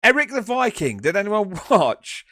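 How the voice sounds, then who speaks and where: A man hosting a casual chat, lively and swearing, calling on the others to speak. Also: sits high, normal speed, dry recording, studio quality.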